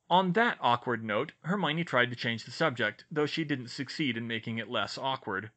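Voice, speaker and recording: A man narrating a fan-fiction audiobook in a clear, steady storytelling manner. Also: mid-range voice, moderate pace, few pauses.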